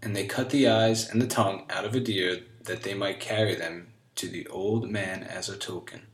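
A man reading an old fairy tale aloud in a measured storybook style. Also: low-pitched, steady tone. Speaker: narrator. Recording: echoey room.

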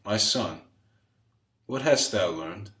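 A man's voice: lowish voice, animated, takes it slowly, fairly bright tone. A man voicing a stern old count who speaks in archaic commands and flies into rages, in a roomy space. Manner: archaic, commanding, thundering when angry.

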